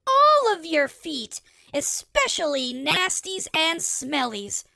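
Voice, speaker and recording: A woman voicing a spoiled, self-pitying young princess in an audiobook, shrill and indignant. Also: very animated, slow pace, creaky, pushed and bright, no room sound, full character voice. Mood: scolding. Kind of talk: audiobook character acting.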